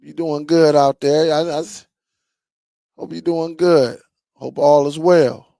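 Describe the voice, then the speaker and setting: Slow, gravelly man chatting on a live stream. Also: on the high side, fairly even intonation, dark tone, no echo. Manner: loose, laughing, slangy banter with chat. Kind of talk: casual live-stream chat reading comments.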